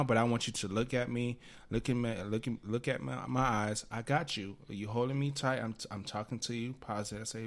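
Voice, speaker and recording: A man's voice: medium pitch, steady tone, fairly quick. A young man co-hosting a podcast, speaking earnestly and reassuringly in casual chat, often repeating his words. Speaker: podcast co-host.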